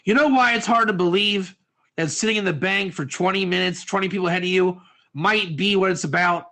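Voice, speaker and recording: A man teaching a lively class, acting out little scenes and asking his listeners questions. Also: high voice, brisk, gravelly. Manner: animated, acts out quotes, asks audience questions. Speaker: Torah teacher.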